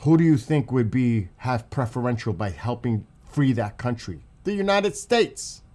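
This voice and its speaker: Animated yet a little mellow, this man's medium-pitched voice moves a bit slowly as he hosts a channel and rails in a profane political tirade. Livid and upset, he repeats points for emphasis and says outright how upset he feels.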